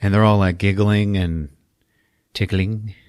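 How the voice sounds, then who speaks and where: A man's voice: fairly low pitch, fairly even intonation, unhurried, darkish tone, smooth, dry recording, clean studio sound. A man hosting a podcast, casually recapping a movie in an amused, chuckling way.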